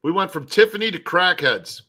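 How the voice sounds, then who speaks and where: A man co-hosting a casual talk show, relaxed and joking, reading out viewer comments. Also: high voice, normal speed. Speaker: co-host. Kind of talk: casual chat.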